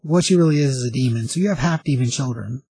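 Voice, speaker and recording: A man's voice: medium pitch, fast talker, mellow, slightly rough, no room sound. A man voicing a grim, vengeful antihero with blunt, threatening talk, in a casual retelling. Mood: menacing.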